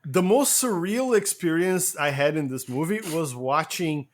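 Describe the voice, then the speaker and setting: A man in a casual podcast chat, talking in an animated, incredulous way and laughing often. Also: a little high, a little slow.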